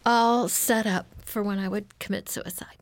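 A woman's voice: mid-range voice, steady tone, moderate pace, no room sound, studio quality. A woman guest on an interview, telling her life story in an earnest, emotional way. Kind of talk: personal testimony in an interview.

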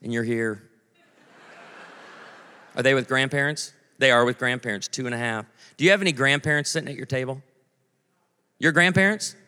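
A man's voice: mid-range voice, moderate pace, long pauses, bright, forceful tone, clean tone. A man in his forties preaching a sermon, telling stories with comic voices and asides to the audience. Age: 40s. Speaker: pastor. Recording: long hall reverb.

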